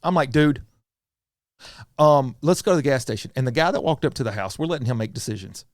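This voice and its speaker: With a brisk pace and medium pitch, a middle-aged Southern US man tells an animated story as a podcast guest, mimicking friends and strangers alike. The podcast studio audio is clean, with no echo.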